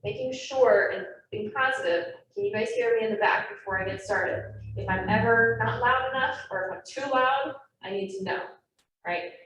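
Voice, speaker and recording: A young adult woman giving a quick, chatty training talk to a room of trainees. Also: a little high, fairly bright tone. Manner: quick, chatty, self-aware. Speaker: naturalist training presenter. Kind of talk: classroom presentation to trainees. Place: meeting room with live and online audience. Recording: echoey room, mic far off, faint noise.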